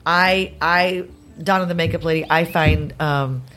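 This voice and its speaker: A woman telling a long anecdote as a podcast guest, acting out the people in it with quick changes of voice. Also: deep voice, soft background music. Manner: animated, acts out the voices in her stories. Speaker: guest performer.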